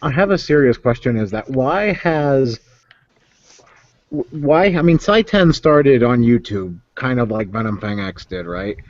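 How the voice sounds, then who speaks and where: A man's voice: medium pitch, animated, measured pace. A man in a casual group video chat, asking questions earnestly, over dull lo-fi online call audio.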